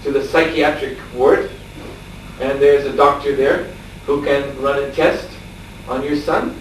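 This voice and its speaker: A man telling a story in a lecture, animated and laughing, acting out the shouts of the people in it. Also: mid-range voice, measured pace. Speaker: spiritual teacher. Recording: echoey room from far off, faint background noise.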